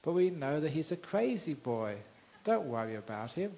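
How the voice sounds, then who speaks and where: An older man with a British accent, a monk telling a story in a sermon, acting out characters with sudden loud outbursts. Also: on the high side, normal speed, gravelly, low-quality recording. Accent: British English. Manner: animated storyteller, acts out voices with loud outbursts. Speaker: monk giving a dharma talk. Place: large trade centre hall with an audience.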